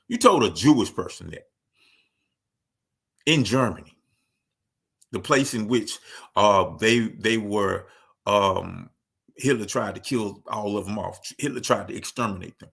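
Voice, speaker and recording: Gravelly-voiced man giving an emphatic talk. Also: medium pitch, fairly bright tone. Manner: emphatic, repeats key phrases for stress. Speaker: speaker. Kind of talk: spoken commentary monologue.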